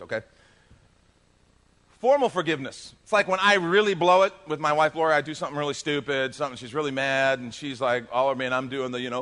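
A middle-aged male pastor preaching a sermon, swinging between emphatic loud lines and soft low asides. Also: a little fast.

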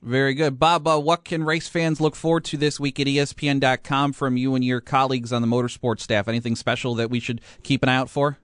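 A man's voice: mid-range voice, little pitch movement, fast talker, hardly any pauses, fairly bright tone, clean tone, no echo, clean studio sound. A man hosting a sports radio show, chatting casually with many fillers and restarts.

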